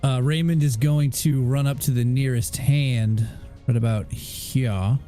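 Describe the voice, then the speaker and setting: A man playing a tabletop game, calmly and matter-of-factly declaring his character's attacks. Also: mid-range voice, unhurried, faint music behind. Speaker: player. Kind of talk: casual chat while playing a tabletop game.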